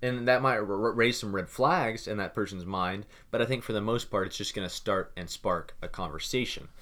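A young man co-hosting a casual talk show, rambling and repeating words as he thinks out loud. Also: fairly low pitch, fairly quick. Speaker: podcast co-host. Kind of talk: casual chat.

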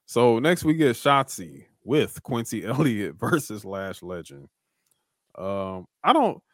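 A man co-hosting a podcast, his voice sitting on the low side. He chats loosely, swears a lot, and slips into quick impressions when he retells a scene. The recording is close and dry, with no room sound. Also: very animated, dry recording. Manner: laid-back, swears freely, acts out quoted wrestlers. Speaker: podcast co-host. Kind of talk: casual wrestling chat.

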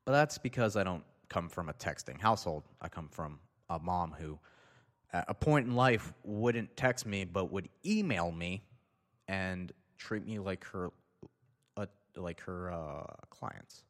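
Deep-voiced guy ranting and cursing, sarcastic, echo hanging in the room. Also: lively intonation, unhurried. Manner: sarcastic, swears a lot. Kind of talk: profane comedic rant. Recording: long reverb.

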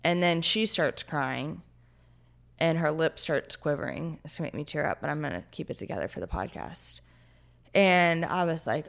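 Her voice is deep and gravelly, moving at a moderate pace. She's in her twenties, a guest on a podcast, sharing a story in a relaxed interview with sincere feeling and a steady stream of "like" and "you know" fillers.

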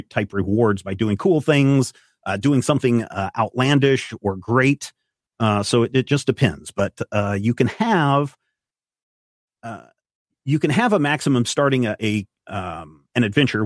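A man narrating as game master for a tabletop game, describing scenes and walking players through the rules. His voice sits at a middle pitch and sounds dry and close, with no room sound. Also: dry recording. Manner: descriptive narration with rules explanations, some restarts.

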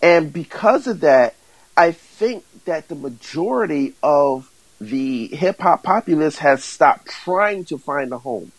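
A man being interviewed about the artists he manages, stumbling through restarts before warming into an eager sales pitch. His voice is a little high for a man. The sound is dry and close to the mic. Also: expressive, no room sound, rough recording. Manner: halting, many fillers and restarts, then builds to enthusiastic pitching. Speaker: music management company owner, guest. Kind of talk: casual interview answers.

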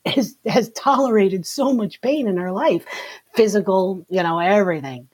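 A woman giving an earnest personal account as an interview guest. She talks haltingly and often repeats her words. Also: medium pitch, lively intonation, a little mellow, husky, rough recording. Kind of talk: personal testimony in conversation.

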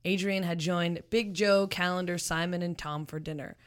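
A woman's voice: on the low side, steady tone, normal speed, smooth. A woman reading a story aloud to friends in a casual, giggly way, stopping to make joking side comments. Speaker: reader in a group read-aloud.

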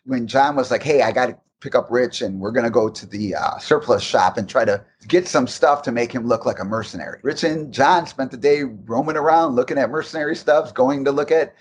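A man's voice: mid-range voice, fairly quick, few pauses, slight background noise. A man in a casual interview, telling long, rambling stories about making a game, with many restarts. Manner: rambling, restarts often, animated anecdotes. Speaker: guest recalling game development.

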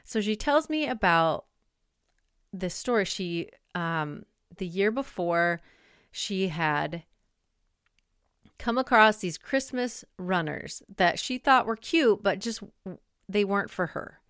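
A woman's voice: medium pitch, animated, slow, a bit bright, clear, resonant tone, dry recording, clean studio sound. A woman in her forties hosting a podcast, talking in a chatty, rambling way full of fillers. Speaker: podcast host. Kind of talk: casual monologue.

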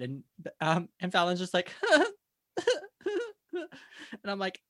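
A woman's voice: lowish voice, expressive, fairly quick, no room sound, studio quality. A woman co-hosting a podcast, rambling through stories in casual chat and acting out the quoted lines. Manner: rambling storyteller, acts out quoted dialogue. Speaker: podcast co-host.

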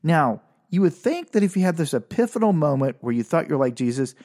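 A man's voice: on the high side, sing-song, fairly quick, darkish tone. A man hosting a casual comedic monologue, rambling and self-deprecating, with frequent restarts. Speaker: podcast host.

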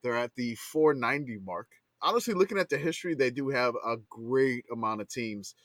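A man's voice: medium pitch, fairly quick, fairly bright tone, no echo. A man co-hosting a casual sports podcast chat, often stumbling and restarting his sentences. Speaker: podcast co-host.

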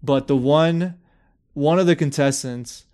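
A man's voice: on the high side, a little slow, darkish tone, clean tone. A young man hosting a podcast, animatedly retelling a story, swearing freely and acting out quotes. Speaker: podcast host. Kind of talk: casual chat.

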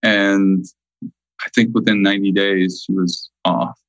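Emphatic low-voiced man, dry sound. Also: level tone, no echo, poor audio. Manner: emphatic, slows down to stress key points. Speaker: guest, nutritionist. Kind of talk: casual interview chat.

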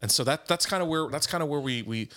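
Bright-voiced man musing in conversation. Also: a little high, quick pace. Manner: thoughtful, acts out quoted dialogue with restarts. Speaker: podcast co-host. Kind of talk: reflective conversational talk.

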